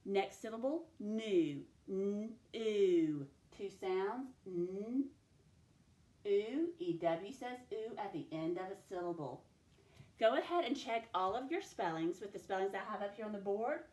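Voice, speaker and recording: A woman teacher giving a recorded spelling dictation lesson, slowly sounding out each letter and sound. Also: medium pitch, expressive, darkish tone. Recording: echoey room.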